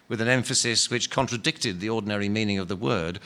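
A man reading a book passage aloud at a church service in a measured, expressive way. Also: lowish voice. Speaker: scripture reader in church.

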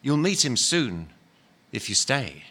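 A man reading aloud and voicing a calm, reassuring male spirit who speaks patiently. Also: mid-range voice, slow pace, heavily acted. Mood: serene. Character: calm joyful male spirit, gentle, at peace.

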